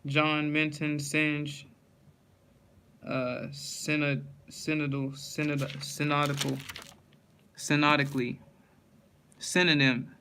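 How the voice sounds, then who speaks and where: Flat, slow man reading a word list. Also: on the high side, noisy background. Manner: reads words one by one, with frequent slips and restarts.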